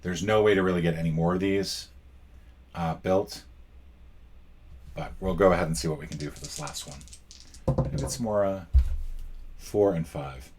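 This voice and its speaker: A man's voice: deep voice, normal speed, long pauses, a little mellow, a little hiss or hum. A man playing a solo board game and commenting as he goes, wry and self-mocking, thinking aloud and counting out spaces. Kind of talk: casual playthrough commentary.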